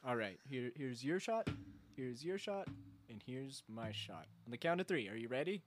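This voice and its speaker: A man hosting a comedy talk show, exasperated and deadpan, swearing as he gives up. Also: mid-range voice, normal speed, over music. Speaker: show host.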